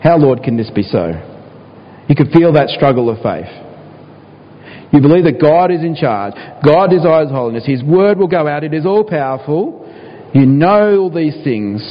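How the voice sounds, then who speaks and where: A man's voice: a little high, animated, normal speed. A man preaching a sermon, sometimes acting out pleading prayers in a raised voice. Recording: dull, reverberant hall.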